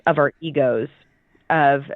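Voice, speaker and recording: A woman's voice: low-pitched, slow pace, no room sound. A woman coach explaining her approach in a casual interview, thoughtful and restarting her sentences often. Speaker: business coach. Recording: tinny phone-like dry line.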